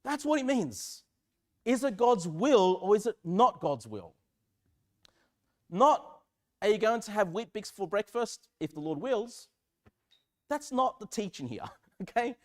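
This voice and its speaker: A high-voiced man preaches to his congregation. He sounds earnest and a little self-mocking, and he often slips into spoken prayers as he teaches. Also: a little mellow. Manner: earnest, self-deprecating, acts out prayers aloud. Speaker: pastor. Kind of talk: sermon.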